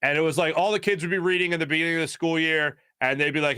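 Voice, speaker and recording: A man hosting a casual talk show, rambling through stories with many fillers and animated asides. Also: on the high side, rapid-fire, clean tone, dry recording, studio quality. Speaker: show host.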